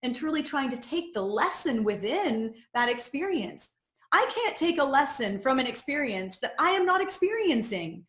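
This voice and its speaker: A woman's voice: high-pitched, very animated, normal speed, fairly bright tone. A woman coach leading a personal growth course, sharing her own story in an earnest, reflective teaching talk. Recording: roomy echo.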